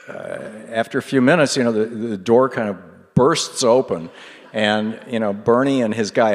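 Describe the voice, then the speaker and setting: A middle-aged man spins a loose, animated anecdote for a live audience, full of fillers, restarts and chuckles. His voice sits at an ordinary pitch and carries a long reverb from the large hall around him. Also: breathy edge. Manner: rambling, laughing, animated retelling with many fillers. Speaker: radio host. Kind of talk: storytelling at a live public event.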